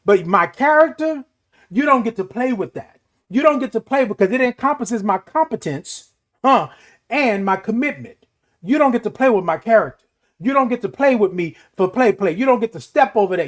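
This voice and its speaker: A man's voice: very high-pitched, expressive, moderate pace. A middle-aged man hosting a morning show, giving a motivational talk in an emphatic, repetitive preaching cadence. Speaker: host.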